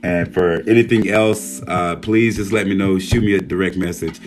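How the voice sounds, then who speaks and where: A hoarse man hosting a casual livestream, reading out viewer names and speaking earnestly, with frequent swearing. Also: sits low, fairly even intonation, moderate pace. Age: adult, a military veteran. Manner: warm shout-outs reading viewer names. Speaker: livestream host.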